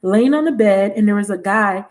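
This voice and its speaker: A woman's voice: medium pitch, normal speed, darkish tone. A woman giving a casual, chatty tarot reading on a livestream, talking frankly and laughing often. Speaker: tarot reader.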